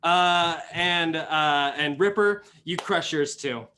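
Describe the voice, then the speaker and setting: Young male game master, a bit high-pitched, rambling filler-heavy narration. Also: slow pace, sharp tone, slight background noise. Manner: rambling, many fillers and restarts.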